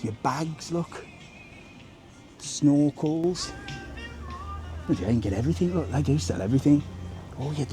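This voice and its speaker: Sweary chatty vlogger man. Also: medium pitch. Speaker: travel vlogger. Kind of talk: casual walking vlog. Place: outdoors on a windy seaside street.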